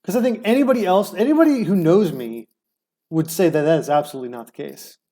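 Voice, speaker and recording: A man co-hosting a casual podcast, bickering with a fairly high, mellow voice. He teases and jumps in with stammering restarts as he argues his point. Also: quick pace. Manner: animated, stammering restarts, teasing. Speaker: podcast co-host.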